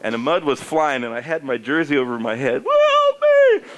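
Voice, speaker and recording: A man's voice: a little fast, dull audio. A middle-aged American man, a former pro bike racer, telling a comic story to a live audience. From United States. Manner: animated, jumps into high squeaky character voices for quoted people.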